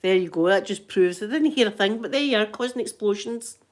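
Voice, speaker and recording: A middle-aged Scottish woman and grandmother chatting in a casual ASMR vlog, animated and laughing often. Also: mid-range voice, fairly quick. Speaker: vlogger and grandmother.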